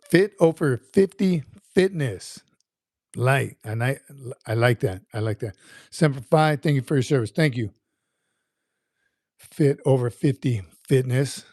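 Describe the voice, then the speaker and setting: A man's voice: medium pitch, unhurried, long pauses, darkish tone, no room sound, studio quality. A man in his fifties hosting a casual livestream, chatting loosely and reading out viewer comments while often repeating his words. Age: 50s. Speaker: livestream host.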